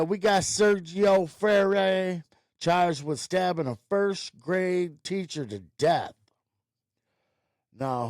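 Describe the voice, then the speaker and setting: A man's voice: high-pitched, a little mellow, no room sound, studio quality. A man hosting a ranting commentary show, talking in a blunt, profane, rambling way. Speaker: host.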